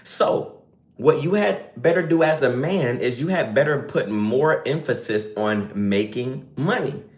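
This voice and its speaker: A man's voice: medium pitch, a little slow, roomy sound. A man live streaming, giving a casual, slangy lecture in a preachy and emphatic way.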